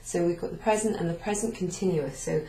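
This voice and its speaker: A woman's voice: lowish voice, fast, mellow. A woman teaching a beginners' language class, explaining step by step with fillers. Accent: British. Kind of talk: classroom lesson at a whiteboard. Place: class room in a venue. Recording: echoey room.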